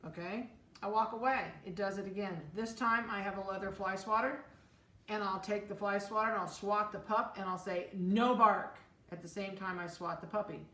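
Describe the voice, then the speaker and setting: A woman's voice: mid-range voice, steady tone, a little fast, bright, forceful tone. A middle-aged woman dog breeder giving firm, direct puppy-training advice in an informal talk, repeating her key rules. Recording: echoey room with faint ambient noise.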